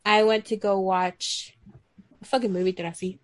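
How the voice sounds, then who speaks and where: A woman's voice: medium pitch, level tone, normal speed, dry recording. A young woman from Houston, co-hosting a podcast in a rambling, profane, chatty way. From Houston, Texas. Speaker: podcast co-host. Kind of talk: casual chat.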